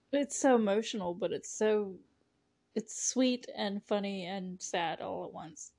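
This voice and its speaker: Young woman host, casual rambling movie chat, giggly and effusive, mid-pitched voice. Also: takes it slowly, darkish tone. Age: young adult. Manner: gushing, rambling, laughs often, many "like" fillers. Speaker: podcast host.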